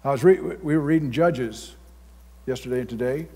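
Pastor guy preaching, blunt and folksy, big echoey church hall, average pitch. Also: normal speed, husky. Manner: folksy, blunt preaching with sudden loud outbursts. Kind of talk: sermon. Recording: long reverb of a church hall.

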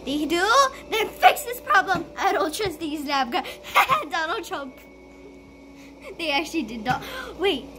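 A woman playing a school role-play game, talking excitedly through it and bursting into shrieks and giggles. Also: very high voice, a little slow, very noisy. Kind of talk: playful gameplay commentary.

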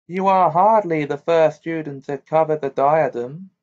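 A man's voice: a little high, a little slow, darkish tone, pitched above the performer's own voice, close to an everyday voice. A man reading the lines of a proud, bitter female ghost in an amateur audiobook, with a stiff, clipped delivery. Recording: dull lo-fi recording.

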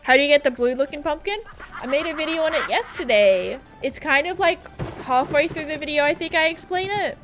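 A chatty young Australian woman talks casually through a gaming livestream, rambling from one thing to the next and giggling often. Her voice sits high and light, with soft music playing faintly underneath. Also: a little fast. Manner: chatty, rambling, giggly, reads viewer comments aloud.

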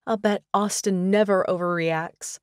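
A female narrator voicing an emotional young woman in love, speaking high, tearful and flustered. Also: steady tone, measured pace, clean tone, no room sound, clean studio sound, natural voice.

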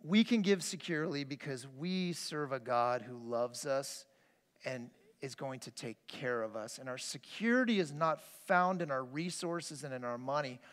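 A medium-pitched man with a fairly bright tone and lively intonation preaches at a moderate pace. As pastor, he tells personal stories in an earnest, conversational sermon with many restarts, recorded with the long reverb of a church sanctuary.

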